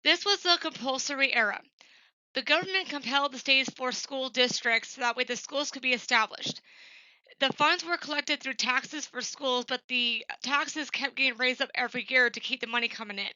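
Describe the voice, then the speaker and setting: A woman with a high, very bright voice presents a class assignment to her professor. Her delivery is plain and earnest, full of ums and uhs. The sound is dry and a little dull, as from a computer microphone in a small quiet room. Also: normal speed, dry recording.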